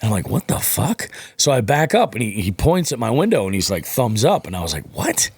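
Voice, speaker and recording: A man hosts a casual podcast, rambling through stories and swearing freely. His low voice rises and falls in lively swings. The sound is close and dry, with no room around it. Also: fast, husky, no room sound. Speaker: podcast host. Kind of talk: casual chat.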